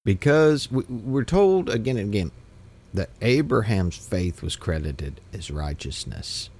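A man's voice: on the low side, sing-song, measured pace, a little mellow, no room sound. A man teaching a Bible study, reading scripture aloud and commenting with emphatic repetitions and restarts.

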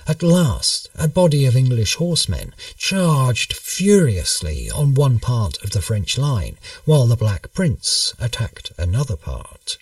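Guy narrating an old history story, slow and measured, dry sound, kinda far off the mic. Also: medium pitch, dry recording.

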